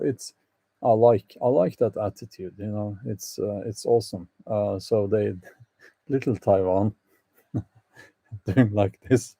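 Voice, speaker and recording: A man's voice: fairly low pitch, dark tone, dry recording. A man hosting a casual live chat with his viewers, hesitant and full of fillers, with wry opinions and frequent laughs. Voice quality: gravelly, hesitant with many fillers. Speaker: channel host answering live chat.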